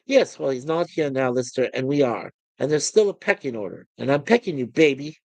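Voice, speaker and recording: A man putting on a pompous, snobbish ship officer, all prissy superiority and lofty put-downs, in a fan retelling. The voice sits a touch high and swings widely, recorded close and dry. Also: animated, fairly quick, vocal fry, a little mellow, no room sound, poor audio. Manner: lofty and insulting. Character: pompous, snobbish male officer bossing a shipmate.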